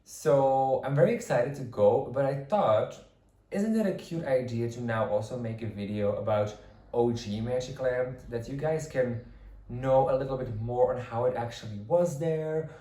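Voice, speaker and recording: Gushing young man in an echoey room. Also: medium pitch. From Belgium. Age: 20s. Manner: gushing, repeats words for emphasis, drops into hushed whispers when quoting himself. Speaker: vlogger. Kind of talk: excited personal storytelling vlog.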